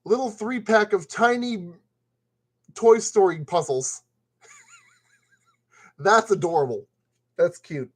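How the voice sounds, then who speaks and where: A man's voice: sits high, slow, long pauses. A man building a model kit and commenting casually as he works, playfully talking to the parts. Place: at a work table.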